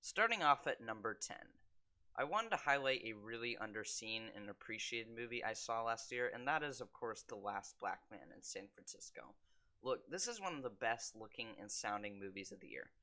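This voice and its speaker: A young man reviewing films in a casual monologue, with quick wry asides and deadpan jokes. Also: medium pitch. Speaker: film vlogger.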